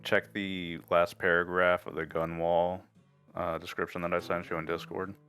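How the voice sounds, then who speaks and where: A man running a tabletop game as game master, talking in a gruff, laid-back, sweary way with a low pirate-like voice. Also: level tone, moderate pace, a bit bright, faint music behind.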